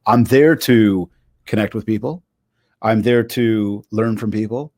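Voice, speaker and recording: A Canadian man with a lowish voice talks a little slowly during a casual video-call interview, where he's a keynote speaker guest. He tells his anecdotes energetically and performs the quoted lines. The recording is dry and clean, like studio sound.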